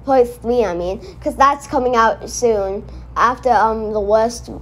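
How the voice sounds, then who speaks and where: A woman hosting a casual reaction video, talking in an excitable, rambling way and often correcting herself. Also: on the high side, measured pace, a little hiss or hum.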